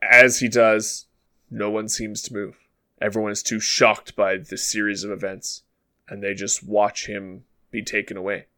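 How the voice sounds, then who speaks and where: A man narrating a tabletop role-playing game as game master, relaxed and hesitant, with frequent fillers. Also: lowish voice, unhurried.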